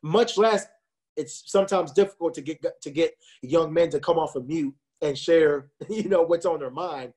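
A man's voice: fairly high pitch, normal speed, darkish tone. A man in his twenties preaching with passion to young people over a video call, often saying "listen to me". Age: 20s. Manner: impassioned, repeats "listen to me". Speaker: youth speaker.

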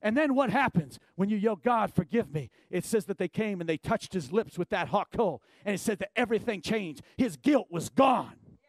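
A middle-aged male pastor preaching a sermon, emphatic, swinging from low and quiet to loud and shouting. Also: expressive, fairly quick, hardly any pauses, no echo.

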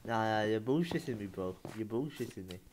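Exasperated young man, lively pitch. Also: brisk, heavy background noise. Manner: exasperated, swearing, rising to shouts. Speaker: gaming video host. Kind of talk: casual gameplay chat.

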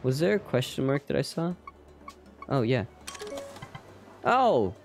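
A man's voice: medium pitch, very animated, takes it slowly, vocal fry. Rambling young male game streamer. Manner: rambling, self-deprecating, chats with viewers. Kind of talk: casual live game commentary. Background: faint game music.

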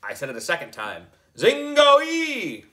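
A man reading a children's book aloud, narrating in an expressive, deliberate storytelling manner. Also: medium pitch. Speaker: book club reader.

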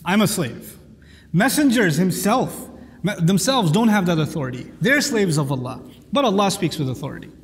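A man's voice: high voice, very animated, moderate pace, big-room sound. A man teaching a lecture on the Quran, speaking emphatically and reciting Arabic verses.

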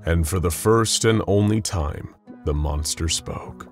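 Deep-voiced male story narrator. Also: faint music behind. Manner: measured, dramatic storytelling.

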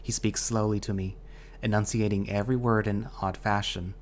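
A man narrating a first-person audio story in a steady, measured way. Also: fairly low pitch, a little hiss or hum.

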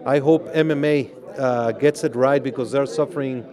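A man with a Mexican Spanish accent, giving measured interview answers at an outdoor press event. He talks in a deliberate, halting way with many pauses. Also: medium pitch, fairly even intonation, crowd noise. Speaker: boxing organization president.

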